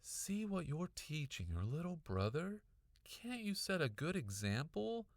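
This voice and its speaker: A man's voice: on the high side, big pitch swings, unhurried, dry recording, studio quality, pitched above the performer's own voice. Casting: man doing an impatient mom, raised voice, stern and clipped, storybook reading. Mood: cross. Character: impatient scolding mother, middle-aged.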